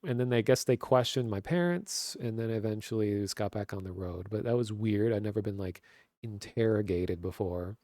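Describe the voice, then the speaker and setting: A man's voice: lowish voice, normal speed, warm tone, no room sound, clean studio sound. A man in his thirties with a Minnesotan accent, chatting casually on a webcam stream and rambling with lots of fillers. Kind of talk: casual chat. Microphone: webcam stream mic.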